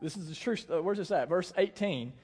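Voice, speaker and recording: A man's voice: high-pitched, expressive, a little fast, a little mellow. A young man preaching a sermon in a church, telling the story in a casual, joking way and acting out the quotes. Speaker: pastor. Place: church hall. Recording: long hall reverb.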